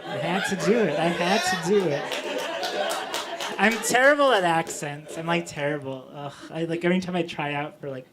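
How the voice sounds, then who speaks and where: A man's voice: fairly high pitch, normal speed, a loud crowd. A man performing stand-up comedy on a small theatre stage, wry and self-deprecating, building to exasperated punchlines. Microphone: stage mic. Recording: live audience laughter.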